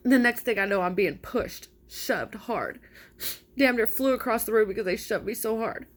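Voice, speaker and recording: A woman's voice: a little high, moderate pace. A woman telling her own story in an indignant, frustrated, emphatic way, as a mother. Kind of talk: personal account to camera.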